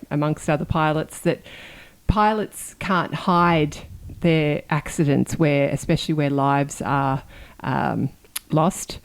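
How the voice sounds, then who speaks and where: Woman, low voice, podcast co-host, casual talk, halting phrasing with restarts. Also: vocal fry, smooth. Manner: halting, with frequent restarts while gathering thoughts. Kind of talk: casual chat.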